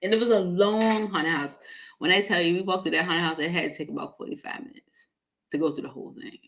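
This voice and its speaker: A woman's voice: lowish voice, quick pace, a bit bright. Chatty woman giving a tarot reading. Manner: chatty, laughs often, many fillers. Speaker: tarot reader. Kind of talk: casual live tarot reading.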